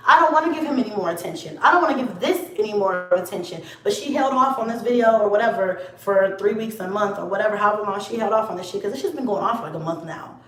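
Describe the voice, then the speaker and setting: A woman's voice: mid-range voice, lively intonation, fast talker, hardly any pauses, recorded from a distance. A woman vlogger ranting to camera, blunt, profane and confrontational. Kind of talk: casual rant to camera. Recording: echoey room, set back from the mic.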